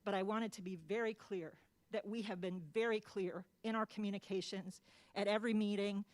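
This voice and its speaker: A woman's voice: mid-range voice, fairly even intonation, fairly quick. A woman giving an impassioned public comment at a city council meeting, emphatic and openly emotional, repeating key phrases to drive her point home. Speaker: public commenter advocating for a housing project.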